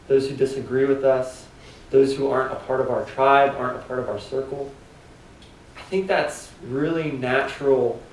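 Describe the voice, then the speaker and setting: A man's voice: mid-range voice, a little hiss or hum. Conversational man preaching in an echoey hall. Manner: conversational, filler-heavy preaching with rhetorical questions. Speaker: pastor. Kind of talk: sermon. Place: church sanctuary. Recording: echoey church hall, mic at a distance.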